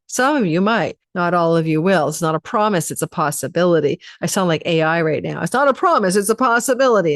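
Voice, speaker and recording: A woman's voice: on the low side, no room sound, clean studio sound. A woman astrologer giving a casual, rambling forecast, chatty and prone to digressions.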